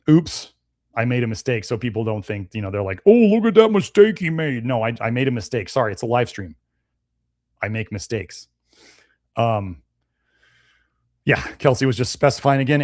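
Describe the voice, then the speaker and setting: Man, live-stream host, blunt and chatty, mid-pitched voice, dry close sound. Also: dry recording. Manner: blunt, conversational, animated. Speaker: nutrition show host. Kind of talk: live-stream talk answering viewer comments.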